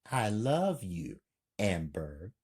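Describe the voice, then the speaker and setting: A man voicing a calm, soft-spoken male killer with a husky voice, read as part of a story. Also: low voice, very slow, full character voice. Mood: calm menace.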